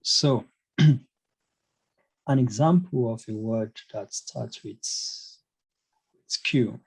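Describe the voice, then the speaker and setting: A man's voice: medium pitch, extremely slow, creaky, slightly rough, rough recording. A man teaching a casual online language lesson, hesitant, with many fillers and restarts. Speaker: German teacher.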